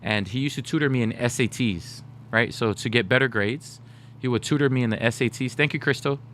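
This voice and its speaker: A man in his thirties tells stories to his stream chat, animated and quick to laugh. His voice sits at an ordinary pitch. A faint hiss and hum run under the recording. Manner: animated, laughing, slips into put-on voices for quoted people. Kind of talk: casual storytelling to stream chat.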